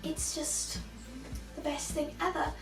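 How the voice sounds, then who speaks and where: A woman's voice: high-pitched, level tone, slow pace, creaky, full character voice. A girl putting on a British accent to play a chirpy young woman from Bath who chats with hesitant fillers. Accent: put-on British. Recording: roomy, distant mic, faint music.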